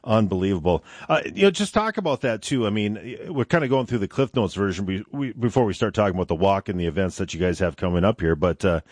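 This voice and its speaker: A man's voice: on the low side, expressive, fast, few pauses, dry recording. A man hosting a casual interview, talking in a folksy, conversational way with lots of fillers. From upper Midwest. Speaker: host.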